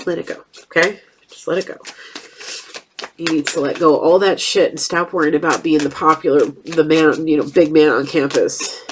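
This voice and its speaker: A woman's voice: sits low, background noise. A woman giving a casual tarot reading, chatty and blunt, with a stuffed-up nose. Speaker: tarot reader.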